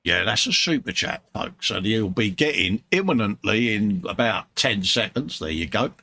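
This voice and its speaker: A man's voice: on the low side, lively intonation, normal speed, sharp tone. A British man hosting a casual livestream chat at his hobby bench, jokey and full of playful slang, sounding tired. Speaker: livestream host. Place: hobby workbench room.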